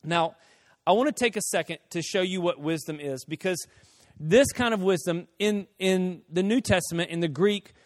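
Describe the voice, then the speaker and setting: A man preaching a sermon as pastor, animated, acting out voices of people and shouting some quotes. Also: high voice, normal speed, no echo, clean studio sound.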